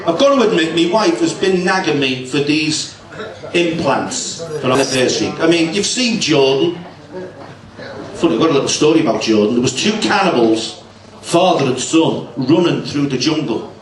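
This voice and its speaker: A man performs stand-up with cheeky banter and a fairly high voice. He is recorded from a distance in a roomy, echoing club. An audience laughs around him. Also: lively intonation, moderate pace. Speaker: stand-up comedian. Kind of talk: stand-up comedy routine. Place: social club stage. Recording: echoey club room, distant mic, crowd.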